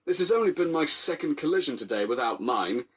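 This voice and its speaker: A man's voice: on the high side, expressive, fairly quick, sharp tone, breathy edge, distant mic, voice pushed up, full character voice. A man voicing a brash, careless male engine in a fan-made storybook parody.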